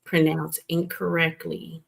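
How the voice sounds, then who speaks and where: A woman's voice: low voice, measured pace, creaky, husky. A woman hosting a late-night stream, talking casually and getting emphatic as she tells stories. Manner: animated, emphatic storytelling. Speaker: streamer host. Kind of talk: casual chat. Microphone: streaming setup.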